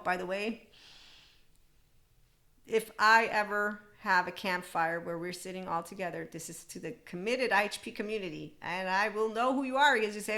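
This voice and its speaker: Woman, podcast host, bright tense tone, rambling candid monologue, laughs and swears. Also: medium pitch. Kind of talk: casual spoken monologue.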